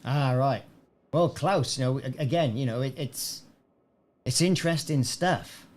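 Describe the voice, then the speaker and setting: A man's voice: mid-range voice, normal speed, darkish tone. A man casually chatting on a game live stream, rambling and answering viewers by name. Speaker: gaming streamer.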